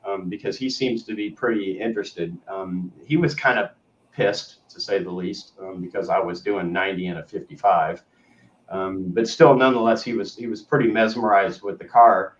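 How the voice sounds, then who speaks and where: A man's voice: lowish voice, moderate pace. A man co-hosting a show, telling a story in a rambling casual way that often trails off to a murmur. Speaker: co-host. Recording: roomy, distant, dull lo-fi sound.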